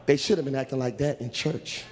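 A man preaching a humorous storytelling sermon in a church, often shouting. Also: mid-range voice, brisk, over a noisy crowd. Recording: echoey church hall.

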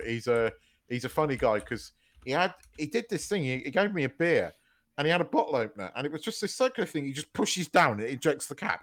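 A man co-hosting a casual podcast who tells stories with big laughs and plenty of swearing. His pitch swoops and bounces as he talks. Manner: animated storyteller, swears freely, laughs loudly mid-story. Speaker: podcast co-host. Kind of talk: casual chat.

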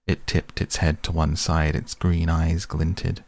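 A man reading a storybook aloud as narrator, in a slow, measured way. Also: a bass voice, level tone, gravelly, a little mellow. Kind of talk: audiobook reading.

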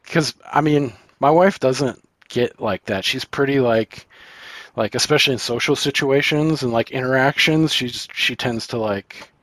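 A man's voice: medium pitch, a little slow, no room sound. A man co-hosting a podcast, telling a story in casual chat with lots of swearing and quoted back-and-forth. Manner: profane, animated retelling with quoted exchanges. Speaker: podcast co-host.

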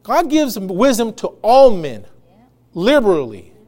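A man's voice: high-pitched, huge pitch swings, measured pace, darkish tone. A male pastor preaching a conversational sermon, laughing often and acting out quotes.

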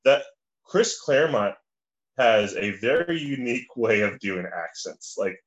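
Guy rambling on a podcast, kinda low voice, audio a bit dull. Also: lively intonation, measured pace. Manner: rambling, lots of "like" and restarts. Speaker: podcast guest. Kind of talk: casual podcast chat.

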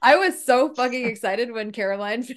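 A woman's voice: fairly high pitch, moderate pace. A woman co-hosting a podcast in casual chat, trading short reactions and laughing often. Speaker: podcast co-host.

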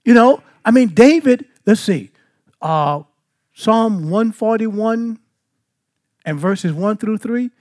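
A man's voice: high-pitched, animated, takes it slowly, pauses often, darkish tone. A man teaching a Bible study, asking the listeners questions and then answering them. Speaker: preacher.

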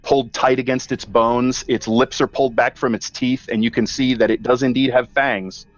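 Faint music and dull lo-fi audio accompany a man who, as game master, vividly narrates a tabletop scene with small hesitations. His voice is medium in pitch with little movement, at a moderate pace.

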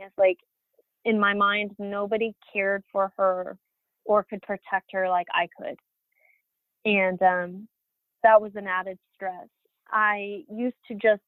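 A woman's voice: medium pitch, dry recording. A woman in her thirties telling her personal story as an interview guest, candid, with many fillers and restarts. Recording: dry, phone-like audio.

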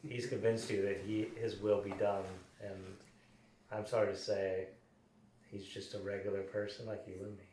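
A man's voice: lowish voice, little pitch movement, moderate pace, a little mellow, pitched below the performer's own voice, close to an everyday voice. A man voicing the flame spirit inside a sword, talking in a sarcastic, mocking way. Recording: roomy, distant mic with faint noise.

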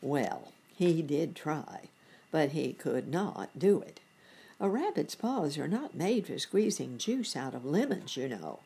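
A woman reading a bedtime story to children, with gentle chatty asides to the listener. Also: low-pitched, sing-song, slow, gravelly, husky.

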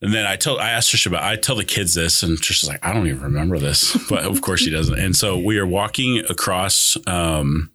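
A man's voice: deep voice, a little fast, few pauses, pushed and bright. A young man telling a personal story in casual chat, rambling with many fillers and restarts. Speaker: guest.

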